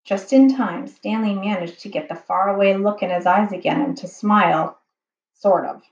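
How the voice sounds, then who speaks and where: A woman reading a children's book aloud slowly and carefully as the narrator. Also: medium pitch. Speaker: storyteller. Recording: dull, roomy home recording.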